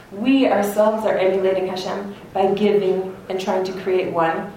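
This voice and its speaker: A woman's voice: medium pitch, darkish tone, far from the mic, a little hiss or hum. A middle-aged woman giving an earnest religious lecture to an audience, telling stories as she teaches. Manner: earnest, storytelling, laughs at own anecdote. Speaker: Torah teacher. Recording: echoey hall, speaker away from mic.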